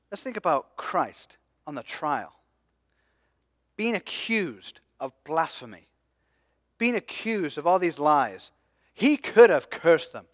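A man preaching a sermon as pastor, passionate, swinging from hushed asides to loud emphatic peaks. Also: a little high, sing-song, takes it slowly, pauses often, dry recording, studio quality.

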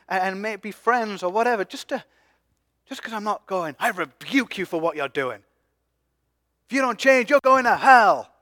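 A man preaching a sermon as pastor, passionate, swinging from hushed asides to loud emphatic peaks. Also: high voice, no room sound, clean studio sound.

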